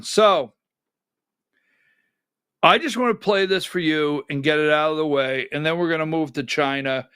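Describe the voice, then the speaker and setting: Brief: male talk-show host, high voice, unhurried, sarcastic and emphatic, dry close sound. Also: fairly bright tone, smooth, no room sound. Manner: sarcastic, emphatic, directs a producer. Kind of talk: conservative political commentary.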